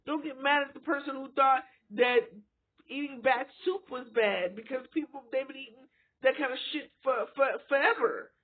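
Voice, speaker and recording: A woman's voice: high voice, normal speed. A woman giving a blunt, profane, casual rant to camera, firing off rhetorical questions. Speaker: vlogger. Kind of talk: casual ranting monologue. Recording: phone-like lo-fi audio.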